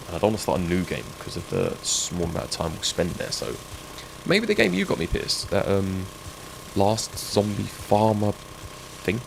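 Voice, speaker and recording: A man's voice: low voice, vocal fry. A man chatting and joking with viewers while he streams a game. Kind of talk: live gameplay stream chat. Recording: game sound noise behind.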